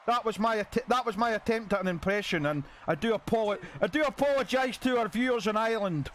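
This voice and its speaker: A man giving excitable play-by-play commentary on a wrestling video game, with chatty asides to viewers. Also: high-pitched, fast talker, few pauses.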